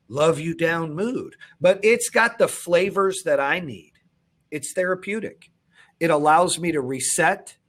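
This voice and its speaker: Man, podcast host, slightly high pitch, blunt, profane, fired-up. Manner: blunt, profane, fired-up, swings from loud to low. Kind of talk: intense motivational podcast talk.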